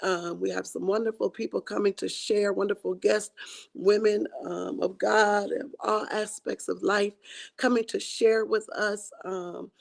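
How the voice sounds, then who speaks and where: A woman hosting a church women's livestream, her voice raspy and tired from singing, talking in an encouraging way with many fillers and restarts. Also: mid-range voice, steady tone, unhurried. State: hoarse from singing. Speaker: host of a women's ministry livestream.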